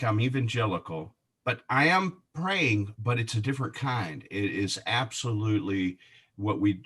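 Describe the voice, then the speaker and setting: Husky, animated male storyteller. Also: on the low side. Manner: animated, laughing storyteller with frequent restarts. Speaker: guest. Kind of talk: personal faith storytelling.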